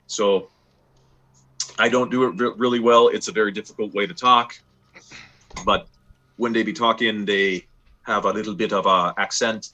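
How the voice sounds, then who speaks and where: A man's voice: lowish voice, fairly even intonation, moderate pace, long pauses, bright, forceful tone, muffled recording. A man running an online tabletop game who rambles along with lots of fillers. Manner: rambling, many fillers, laughs easily. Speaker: game master.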